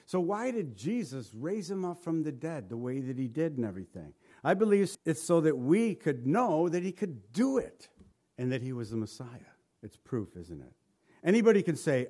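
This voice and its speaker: A man preaching an Easter sermon, asking the congregation questions and quoting scripture. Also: on the high side. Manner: animated, rhetorical questions to the congregation; quotes scripture in old-style wording. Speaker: pastor.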